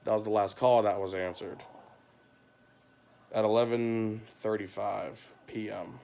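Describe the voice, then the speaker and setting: A man's voice: lowish voice, steady tone, unhurried, vocal fry, warm tone, slight background noise. A father venting in a rambling, frustrated late-night livestream monologue from home, full of "you know" and "like", recorded on a phone. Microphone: phone camera.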